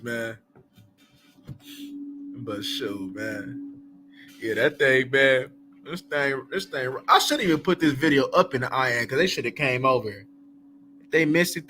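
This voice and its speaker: Bright-voiced man rambling casually. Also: medium pitch. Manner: rambling, loose, full of fillers and asides; laughs often between thoughts. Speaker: host of a live book chat. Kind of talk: casual livestream chat.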